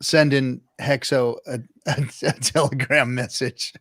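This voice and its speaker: A man in loose, laughing banter, tripping over his words and starting over. He sounds close to the mic in a dry, dead room. His pitch sits in a middle range. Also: fairly even intonation, measured pace, a bit bright, no echo. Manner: laughing, joking, restarts often. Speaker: podcast co-host. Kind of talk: casual chat.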